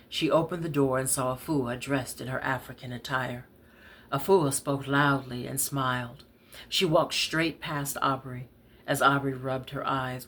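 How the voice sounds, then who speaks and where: A woman reading her own novel aloud in a steady, conversational way. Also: very deep voice, unhurried, breathy edge. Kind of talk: read-aloud storytelling.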